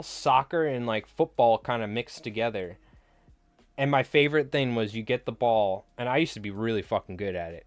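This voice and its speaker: A young man hosts a live stream in a loose, casual chat. He rambles through stories, leaning on filler words and the odd curse. His voice sits at an ordinary pitch and sounds dry and close. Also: dry recording. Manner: rambling storyteller, heavy with filler words and swearing. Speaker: livestream host.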